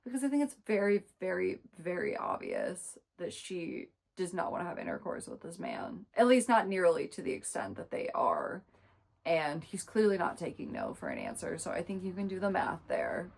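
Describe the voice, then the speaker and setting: A woman talks through a book review in a loose, casual vlog. She sounds exasperated, swears freely and leans hard on her words. Her voice sits at an ordinary middle pitch. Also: creaky. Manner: expressive, emphatic.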